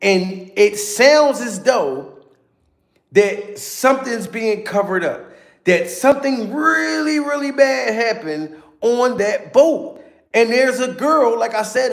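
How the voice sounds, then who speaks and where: High-voiced hyped man reacting. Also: vocal fry. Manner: repetitive, hyped, addressing viewers. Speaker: commentary channel host. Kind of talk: reaction commentary. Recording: echoey room.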